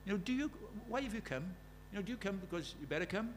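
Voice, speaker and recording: High-voiced preacher. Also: male voice, animated, quick pace, a little hiss or hum. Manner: conversational, asks the congregation many questions; recites scripture with rising force. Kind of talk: sermon.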